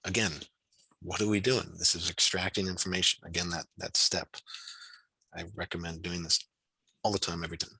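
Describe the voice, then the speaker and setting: This physics tutor on a video call has a husky, deep yet bright voice and moves briskly, broken by long pauses. He reasons out loud, easygoing and encouraging, with plenty of fillers, and the audio is poor, dry, and close-miked.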